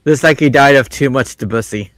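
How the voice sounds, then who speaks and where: A man chiming in on a casual live stream chat with drawn-out, laughing asides. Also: mid-range voice, dry recording.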